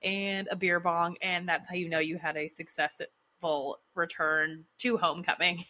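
A woman's voice: on the low side, little pitch movement, measured pace, pushed and bright. A woman in her thirties telling casual stories in a chatty way, with lots of fillers and frequent laughter. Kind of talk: casual storytelling monologue.

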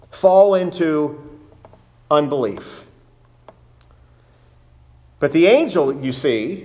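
A man's voice: on the high side, darkish tone. A man preaching a sermon as pastor, emphatic, repeating key phrases and asking rhetorical questions.

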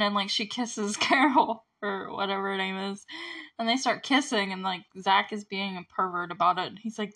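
A woman's voice: mid-range voice, fairly even intonation, a little fast, pushed and bright. Chatty, giggly young woman recapping a film. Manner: chatty, giggly, many "like" fillers. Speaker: movie review host. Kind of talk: casual movie recap.

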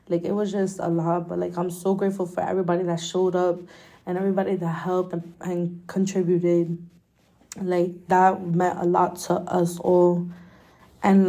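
A young woman with a low, gravelly voice and a mellow, dark tone, speaking candidly and emotionally. She hosts her own podcast, swears freely and leans on "like" as she talks through a personal story. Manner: candid, emotional, swears often, many filler likes. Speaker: podcast host.

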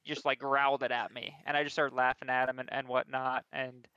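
Self-mockery drives this young co-host's animated story on a casual podcast. His slightly high voice comes across bright and crisp. The recording is dry and a touch dull, with some lo-fi character.

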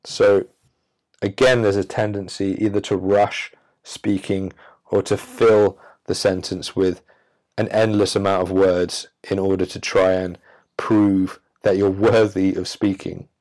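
A man hosting a self-help podcast, speaking emphatically with drawn-out pauses and a preachy tone. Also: low-pitched, little pitch movement, darkish tone. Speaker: podcast host. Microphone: audio-only recording.

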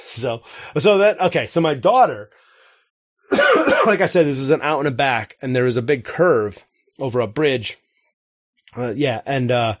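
A man's voice: medium pitch, no echo, studio quality. A man in his forties, casually chatting as a podcast co-host and telling rambling stories with acted-out quotes. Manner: rambling storyteller, acts out quotes. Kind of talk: casual chat.

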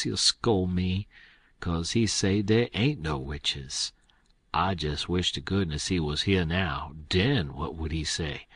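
A man's voice: low-pitched, slightly rough, dry recording. A man voicing a frightened, superstitious farmhand who pleads in rambling dialect speech.

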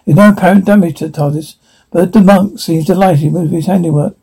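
A man's voice: high voice, fairly quick, creaky, warm tone, slightly rough. A man giving scripted narration, plainly describing the action between scenes.

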